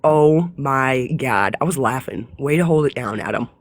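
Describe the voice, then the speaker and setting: A woman chatting on a live stream, swearing freely and laughing through her stories. Her voice sits at an ordinary pitch, and the recording is dry and close. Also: normal speed, no echo. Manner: profane, laughing, animated storytelling. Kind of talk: casual chat.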